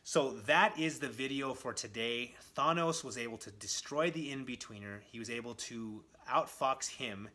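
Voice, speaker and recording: A man's voice: medium pitch, normal speed, few pauses, pushed and bright. A man hosting a casual comic book video who tells the story with enthusiasm and speaks straight to his viewers. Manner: enthusiastic, addresses viewers directly.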